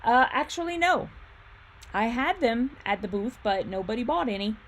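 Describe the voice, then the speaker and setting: A woman with a slightly high voice hosts a relaxed livestream. She talks loosely, reads out viewer comments and thinks aloud as she works. She laughs easily and hums filler sounds between sentences. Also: moderate pace, slight background noise. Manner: chatty, thinks aloud while fiddling with her screen. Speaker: livestream host and quilt shop owner. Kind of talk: casual livestream chat reading viewer comments.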